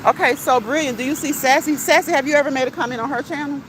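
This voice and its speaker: Strolling through her neighborhood, a woman hosts a relaxed live stream, chatting with viewers, laughing a lot, and reading their comments out loud. Her voice is high and she talks fast, with a faint hiss or hum underneath.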